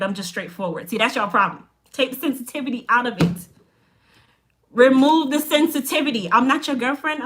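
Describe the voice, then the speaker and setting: A woman's voice: a little high, fairly bright tone. A woman from Chicago with a Chicago accent and Jamaican touches, a hair care business owner telling a story on a casual live stream, blunt and straight-talking. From Chicago, United States.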